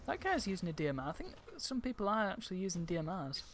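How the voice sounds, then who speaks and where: A man's voice: high voice, big pitch swings, fast talker, a bit bright. Wry Yorkshire man streaming a shooter. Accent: Yorkshire English. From Yorkshire, England. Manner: wry, rambling, sarcastic asides. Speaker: game streamer. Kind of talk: casual gameplay commentary. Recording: game audio and noise behind voice. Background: game ambience and gunfire.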